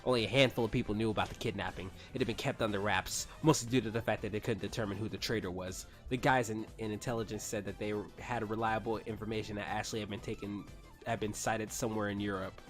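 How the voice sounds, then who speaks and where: Male reader, lowish voice, casual read-along with sarcastic swearing asides; faint background music. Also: fairly even intonation, fast. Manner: sarcastic asides, swears, stumbles over words. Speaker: YouTuber reading fanfiction aloud. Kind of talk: casual reading with commentary.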